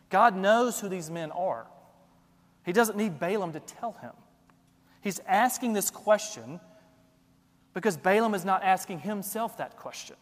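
A man delivers a sermon in a notably high voice. He drives his points home with pointed rhetorical questions and strong emphasis. His words carry a long hall reverb. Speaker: pastor.

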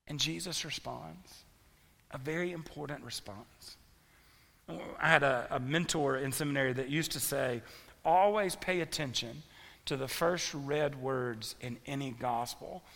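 Gravelly-voiced preacher in a big hall. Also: male voice, a little high. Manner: animated storytelling preacher. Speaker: pastor. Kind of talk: sermon. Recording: long reverb of a large hall.

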